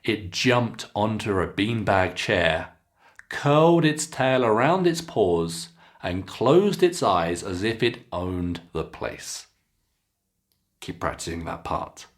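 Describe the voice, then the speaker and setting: A man with a British English accent leads a pronunciation lesson, reading a short story at a slow, deliberate pace. His fairly low voice moves through a wide, expressive pitch range as he stresses each sound. Between passages he tells listeners to pause and practise. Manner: slow, deliberate, clearly enunciated reading with instructions to repeat.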